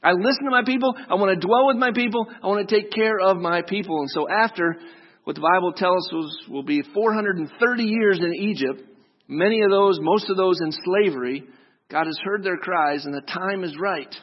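A man's voice: sits high, normal speed, breathy edge. A man preaching a sermon in a casual, joking way, talking straight to his listeners. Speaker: pastor. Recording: dull lo-fi sound with long hall reverb.

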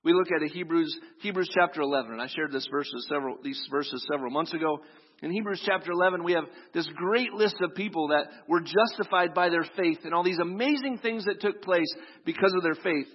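In an echoing hall, picked up with muffled lo-fi audio, a male pastor tells a sermon story and voices its characters. His delivery is a little fast, with a high-leaning pitch and a breathy edge.

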